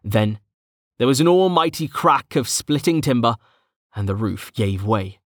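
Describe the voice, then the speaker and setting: A man's voice: mid-range voice, dry recording. Man narrating a fantasy audiobook, dry sound. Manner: steady, measured storytelling.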